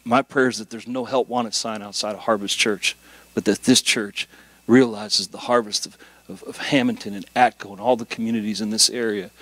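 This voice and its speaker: A middle-aged man preaching a sermon as a guest pastor, conversational and animated, with jokes and rising emphasis. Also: on the low side, dry recording.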